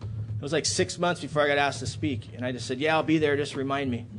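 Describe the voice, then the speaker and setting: A man in his thirties tells a personal story to a recovery meeting in a hotel hall. His voice sits a little high and rises into loud, animated bursts. A faint hum of the room sits behind him. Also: quick pace. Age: 30s. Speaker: AA speaker.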